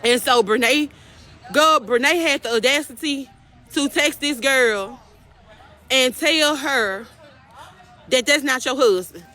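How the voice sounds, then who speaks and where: A woman, recapping a court trial in casual chat, emphatic and animated, repeating phrases and calling the viewers y'all. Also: high voice, slow, long pauses, low-quality recording.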